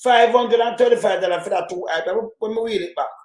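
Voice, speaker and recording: Jamaican male commentator, high voice, animated and rambling, roomy echo. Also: fast, noisy background. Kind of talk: casual commentary in patois.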